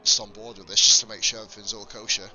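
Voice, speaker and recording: A man's voice: lowish voice, level tone, rapid-fire, bright, forceful tone. A man from England with a slight lisp, giving blunt, sweary live commentary on a sim racing stream into a desk mic.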